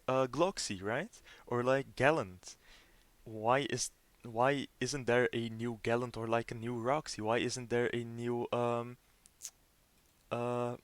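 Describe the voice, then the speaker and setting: A young man talks his way through a casual gaming commentary, sounding earnest and let down as a fan. He tacks "right?" onto his points and often stumbles into restarts. His voice sits at a middling pitch and the recording is dry and close, with no room sound. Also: fairly bright tone, no room sound. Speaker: gaming video host.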